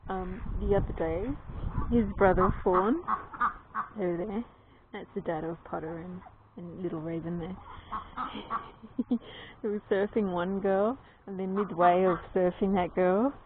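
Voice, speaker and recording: A woman with an Australian accent chatting casually to camera while tending her ducks outdoors, often cooing to them in a high baby voice. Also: steady tone, normal speed. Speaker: duck keeper. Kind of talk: casual vlog narration to camera. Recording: tinny lo-fi phone audio with background noise. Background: ducks quacking, outdoor noise.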